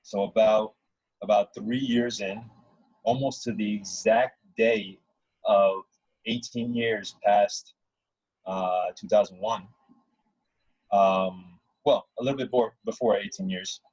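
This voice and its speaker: A guest recounts his own story in a casual, earnest ramble, often restarting sentences and circling back to his points. His low, husky voice is slow, steady and darkish. The sound is dry, dull and lo-fi, with no echo.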